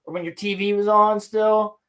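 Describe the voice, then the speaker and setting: A young man co-hosting a casual podcast, talking about anime in an excited, rambling, slang-heavy way. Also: high-pitched, moderate pace. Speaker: podcast co-host. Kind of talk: casual chat.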